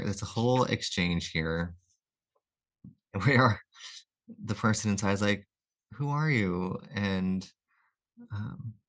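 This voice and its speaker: A man co-hosting a podcast, casually recapping comic issues and slipping into quick quoted lines with chuckles. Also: lowish voice. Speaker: podcast co-host.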